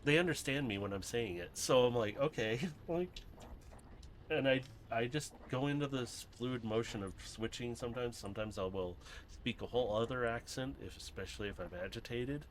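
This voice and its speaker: A male streamer chatting loosely as he works on a building set. He rambles and laughs a lot, his voice sitting at an ordinary middle pitch. A faint hiss sits under his voice. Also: normal speed. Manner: laughs often, rambling and animated. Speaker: streamer building a brick model. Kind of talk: casual chat while building.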